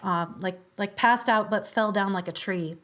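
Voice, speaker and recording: Woman spilling a wild story on a podcast, mid pitch, lots of "like"s, laughs easy. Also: moderate pace, a bit bright, slight background noise. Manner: chatty, lots of filler "like", laughs often. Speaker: podcast guest. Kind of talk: casual storytelling in conversation.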